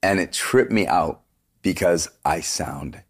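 A man with a very low, deep speaking voice talks casually in an interview. He is a singer telling animated stories and drops plenty of "like" and "dude" along the way, with the odd swear word. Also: slow pace, slightly rough. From Canada. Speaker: guest singer.

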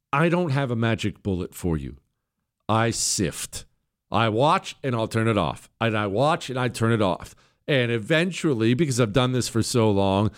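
A man hosting a talk show, giving an emphatic, opinionated monologue in answer to listener questions, with frequent restarts. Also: medium pitch.

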